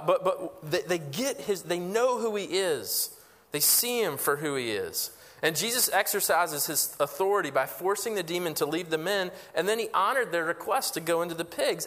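A man's voice: on the high side, bright, forceful tone, big-room sound. A pastor preaching a conversational sermon, asking rhetorical questions and often restarting his phrases.

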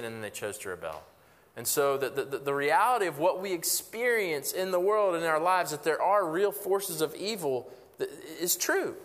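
A man's voice: fairly high pitch, fairly bright tone. Preaching man in a reverberant hall. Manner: conversational preaching with frequent restarts and rhetorical questions. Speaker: pastor. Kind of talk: sermon.

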